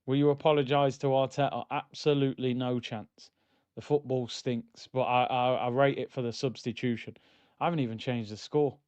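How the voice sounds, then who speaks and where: A man hosting a live football watchalong, ranting and bantering and shouting when goals go in. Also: mid-range voice, steady tone, normal speed, clear, resonant tone, no room sound. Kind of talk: live match watchalong commentary.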